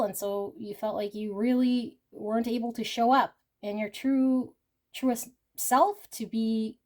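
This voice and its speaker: A woman doing an intuitive tarot reading for her viewers, earnest and emotional, often sinking to a hushed voice as she talks straight to them. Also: fairly high pitch. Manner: talks directly to viewers as "you guys". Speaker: tarot reader.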